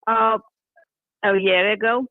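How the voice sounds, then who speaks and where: A woman's voice: medium pitch, fairly even intonation, takes it slowly, vocal fry, no echo. Hesitant older woman on a tinny phone line. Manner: hesitant, soft-spoken, weary. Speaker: person called by phone.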